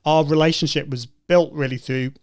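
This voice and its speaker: Male host, slightly high voice, friendly and chatty. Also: steady tone, moderate pace. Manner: friendly, chatty, reads viewer comments. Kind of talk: casual live-stream chat.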